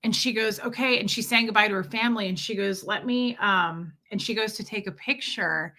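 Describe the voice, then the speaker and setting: Bright-voiced woman chatting on a livestream. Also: a little high. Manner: chatty, rambling, thanks viewers by name. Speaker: livestream host reading chat. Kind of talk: casual livestream chat.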